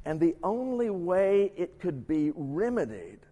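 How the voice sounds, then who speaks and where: A man's voice: sits high, big pitch swings, a little slow, dark tone. A man giving a sermon-style Bible lesson, reading scripture aloud and adding his own asides. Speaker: pastor or Bible teacher. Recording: long hall reverb.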